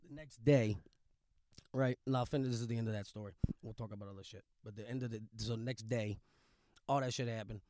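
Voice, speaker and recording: A man's voice: lowish voice, a little fast, no echo, clean studio sound. Profane man telling stories. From Louisiana. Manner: profane, blunt, animated storyteller. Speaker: podcast guest. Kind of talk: casual storytelling chat.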